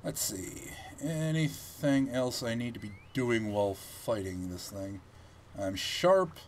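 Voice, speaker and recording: A man giving casual gameplay commentary, chatty and thinking aloud as he plays, with animated reactions. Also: medium pitch, slow, slight background noise.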